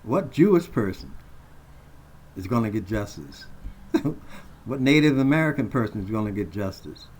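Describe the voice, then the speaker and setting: Angry low-voiced man ranting. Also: sing-song, moderate pace, long pauses, darkish tone, breathy edge. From Colorado. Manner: profane, heated, confrontational. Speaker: vlogger. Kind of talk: angry rant to camera. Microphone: phone camera.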